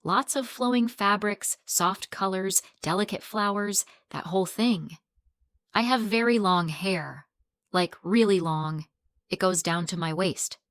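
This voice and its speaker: Young woman, twenties, story narrator, earnest, confiding, mid pitch, dry close sound. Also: measured pace, fairly bright tone, dry recording. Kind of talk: reading a first-person online story.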